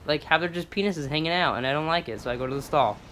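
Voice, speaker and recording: Goofy guy gaming with a friend, slightly high voice, faint noise behind. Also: quick pace, fairly bright tone. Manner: goofy, joking, puts on silly accents. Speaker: gamer. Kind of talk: casual co-op gaming chat.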